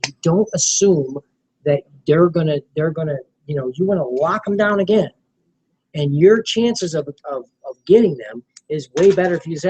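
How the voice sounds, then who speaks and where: A man training a small group in network marketing, animated and coaching, often acting out sales dialogue. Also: a little high, normal speed, a little hiss or hum, low-quality recording.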